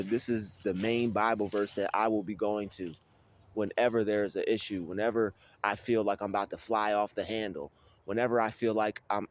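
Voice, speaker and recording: Low-voiced man giving casual spiritual talk. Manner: casual, repetitive, many restarts and fillers. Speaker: spiritual video creator. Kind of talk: informal spiritual teaching.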